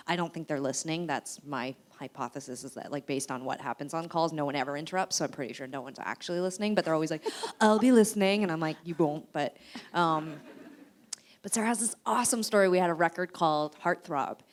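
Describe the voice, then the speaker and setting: Chatty, quick-witted woman, slightly low voice. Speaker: interviewer at a live book event. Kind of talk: casual onstage conversation. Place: university event stage.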